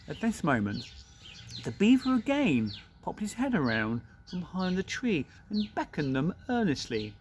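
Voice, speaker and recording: A man's voice: high voice, sing-song, normal speed, slight background noise. Man reading a story aloud to a class. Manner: chatty asides to listeners. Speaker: teacher.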